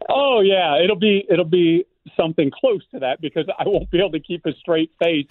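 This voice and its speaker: A man's voice: sits high, normal speed, dry recording. A man, a radio broadcaster, talking casually and good-humoredly, playing along and laughing. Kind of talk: casual phone chat. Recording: tinny phone line.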